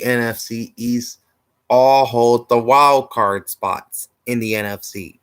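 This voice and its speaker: A man's voice: medium pitch, steady tone, slow, fairly bright tone, smooth, no echo, rough recording. A man hosting a sports show, steadily reading playoff standings and stats and sounding slightly tired. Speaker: host.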